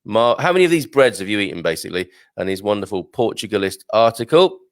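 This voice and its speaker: A man with a fairly low voice hosts a relaxed live stream, reading aloud and drifting into chatty asides. The sound is dry and close, with no room echo. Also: quick pace. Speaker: host. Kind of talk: casual live-stream chat.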